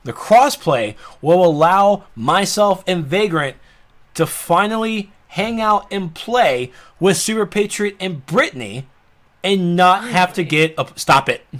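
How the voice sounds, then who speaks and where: A man's voice: high-pitched, expressive, measured pace, fairly bright tone. A man with a Southern accent hosting a casual live-streamed podcast, rambling with laughing, apologetic asides and a slightly dry throat. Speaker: podcast host.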